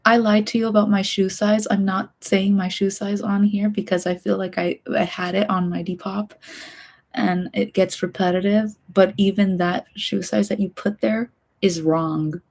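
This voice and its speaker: Breathy soft-spoken young woman. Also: mid-range voice, level tone, normal speed. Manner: rambling, drifting in and out of whisper. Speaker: streamer and hobby voice actor. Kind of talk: soft-spoken casual chat stream.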